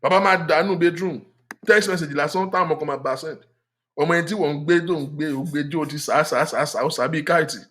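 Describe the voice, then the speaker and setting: Middle-aged male host, slightly high voice, preachy and emphatic, blunt advice delivery. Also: racing, fairly bright tone. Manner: emphatic, preachy, switches into Yoruba. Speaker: relationship talk host. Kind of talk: frank relationship advice monologue.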